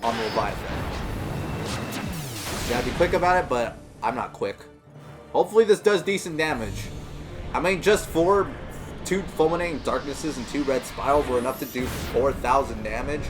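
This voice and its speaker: A man giving casual, rambling let's-play commentary, full of fillers and self-corrections. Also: fairly high pitch. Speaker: gameplay commentator.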